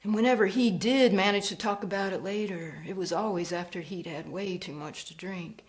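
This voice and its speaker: A woman storyteller performing a ghost story, slow and hushed, dropping to whispers. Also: medium pitch.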